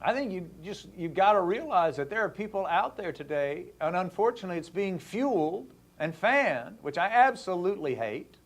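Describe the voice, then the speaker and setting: High-voiced, lively male talk show host. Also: moderate pace, hardly any pauses. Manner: animated, acts out dialogue in the story. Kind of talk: casual storytelling to a caller.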